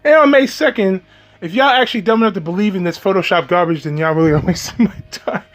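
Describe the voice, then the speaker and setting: High-voiced sarcastic swearing commentator man. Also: fast, fairly bright tone, soft background music. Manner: sarcastic and mocking, swears heavily, laughs often. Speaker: commentary YouTuber. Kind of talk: profane reaction commentary. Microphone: home recording, off camera.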